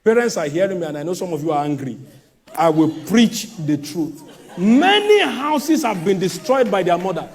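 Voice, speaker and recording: A man preaching a sermon, emphatic, swinging from loud shouts to low asides and mimicking people mid-sermon. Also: big pitch swings, moderate pace.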